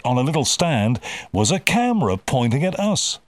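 A man's voice: mid-range voice, very animated, moderate pace, no echo. A man hosting an interview podcast, talking casually with frequent restarts and effusive thanks. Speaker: podcast host.

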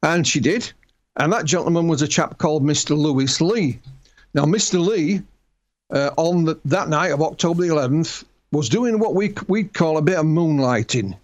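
Yorkshire-accented male author, chatty storyteller with frequent restarts, somewhat higher voice. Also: animated, normal speed, dull audio. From Yorkshire, England. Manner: storytelling, repeats and restarts words. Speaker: author and guest. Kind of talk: interview conversation.

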